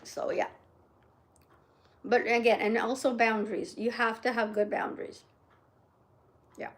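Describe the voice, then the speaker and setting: A woman's voice: a little high, little pitch movement, a little slow. A middle-aged woman vlogging in casual chat to camera, rambling along and often checking in with "right?". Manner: rambling, chatty, frequent "right?" tag questions.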